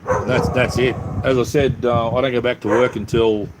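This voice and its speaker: A man's voice: mid-range voice, fairly even intonation, moderate pace. Easygoing Aussie man on a noisy stream. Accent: Australian. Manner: easygoing, repeats "it's all good, mate", many ums and restarts. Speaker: live-stream host. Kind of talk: casual live-stream chat, answering viewers.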